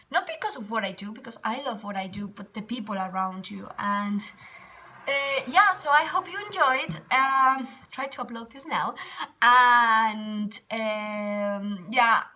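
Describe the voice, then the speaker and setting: A young Spanish woman, an English teacher, telling a story in a casual vlog with a Spanish accent, animated, laughing often and repeating words for emphasis. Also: a little high. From Spain.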